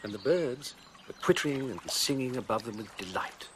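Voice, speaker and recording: An actor playing a flamboyant, witty middle-aged Victorian writer who talks in florid, languid phrases. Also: male voice, medium pitch, expressive, a little fast, noisy background, close to an everyday voice. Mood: storytelling. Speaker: celebrated writer and father. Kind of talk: period film acting.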